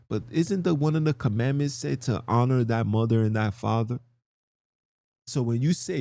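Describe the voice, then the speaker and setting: Husky low-ish guy ranting on his live podcast, slangy and preachy, voice jumps all over the place. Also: animated, normal speed, mellow. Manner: preachy, argumentative, slangy, asks rhetorical questions. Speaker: podcast host. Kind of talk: livestream podcast monologue.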